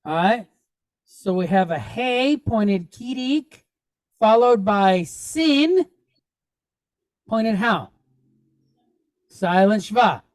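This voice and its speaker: Slow, patient woman teaching reading. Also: medium pitch, lively intonation, a little mellow, dry recording. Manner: patient, spells out vowel points step by step; checks in with frequent "right?". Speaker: Hebrew teacher. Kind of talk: classroom reading lesson.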